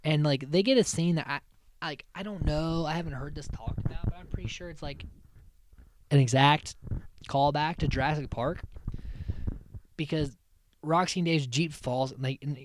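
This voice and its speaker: A man's voice: fairly high pitch, normal speed, pauses often, a little hiss or hum. A man hosting a podcast, recapping episodes in a rambling, chatty way, swearing freely and often restarting his sentences. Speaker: podcast host.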